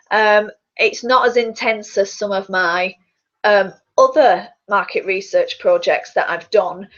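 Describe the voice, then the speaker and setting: A woman, a fitness coach, chatting casually to her webcam from a small quiet bedroom, rambling a little and stumbling over words. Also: mid-range voice. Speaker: fitness coach and public speaker. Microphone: computer mic on a video call. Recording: dull lo-fi webcam audio.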